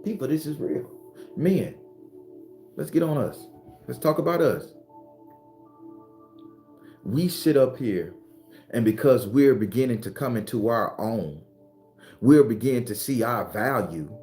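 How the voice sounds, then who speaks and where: In a roomy recording with faint music behind him, a man who runs his own spiritual channel delivers a blunt, profane, fired-up motivational monologue. His mid-range voice is expressive and unhurried, with long pauses, and he preaches hard, rising to shouts when he retells arguments.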